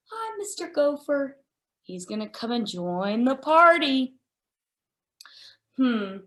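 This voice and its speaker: Young woman, kids' story-time reader, slow and wide-eyed, higher voice, echoey room. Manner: animated and wondering, with frequent gasps, speaking to a child audience. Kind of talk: reading a picture book aloud to young children.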